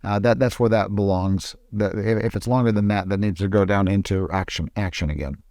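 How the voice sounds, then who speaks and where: A man explaining film production in a casual, screen-recorded tutorial, often pausing and restarting his sentences. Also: on the low side, steady tone, a little mellow, dry recording, studio quality. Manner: hesitant, with frequent restarts.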